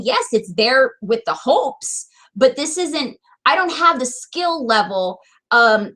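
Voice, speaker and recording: A woman's voice: sits high, pushed and bright. A woman leading a sales team, giving an earnest, emotional motivational talk straight to camera. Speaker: direct sales team leader.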